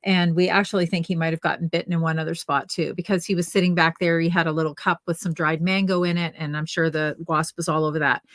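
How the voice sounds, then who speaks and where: A woman's voice: deep voice, level tone, quick pace, few pauses, no echo, clean studio sound. An older woman co-hosting a casual knitting livestream, telling a family story in a chatty way with restarts.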